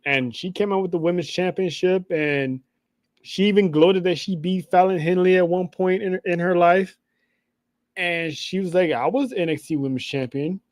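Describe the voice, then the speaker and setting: A man co-hosting a casual wrestling recap podcast, his voice a bit higher than most men's. He tells each story in an animated way, acting out what people said and laughing along. The sound is dry and close. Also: no room sound. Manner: animated storytelling, acts out quotes, laughs often. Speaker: podcast co-host.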